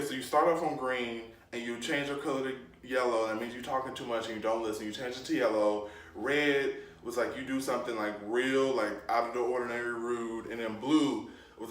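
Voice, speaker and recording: A young man telling a storytime vlog story, animated and jumping into different voices for the people he quotes. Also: mid-range voice, recorded from a distance. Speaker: YouTube storyteller. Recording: roomy echo, off from the mic.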